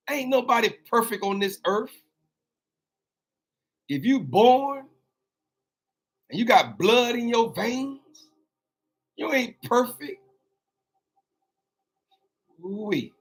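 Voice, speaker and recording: A man hosting a preachy motivational talk, repeating his lines and calling out to listeners between points. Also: sits high. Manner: repeats lines, call-and-response asides; drawn-out exclamations. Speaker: motivational host.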